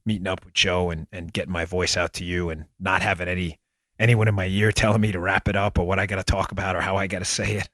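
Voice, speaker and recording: A man's voice: low voice, flat delivery, fast talker, a bit bright, no room sound. A man hosting a podcast, delivering emphatic, impassioned political commentary. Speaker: podcast host.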